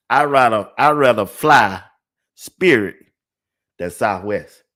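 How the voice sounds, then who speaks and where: Slow-talking older man hosting a sports stream. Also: medium pitch, animated, fairly bright tone. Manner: laughs often, repeats phrases over and over. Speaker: sports talk show host. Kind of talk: casual livestream chat.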